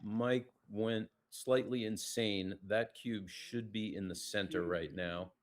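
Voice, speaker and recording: At a slow pace and with fairly even intonation, a man commentates a live backgammon match play by play. He stays chatty and casual, reading viewer comments while lowering his voice to stay out of the players' earshot.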